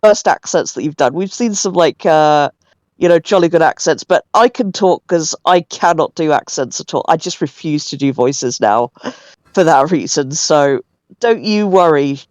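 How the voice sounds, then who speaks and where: A woman's voice: deep voice, normal speed, darkish tone, dry recording. A woman co-hosting a podcast, bantering playfully and teasing the others. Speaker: podcast co-host. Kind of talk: casual podcast chat.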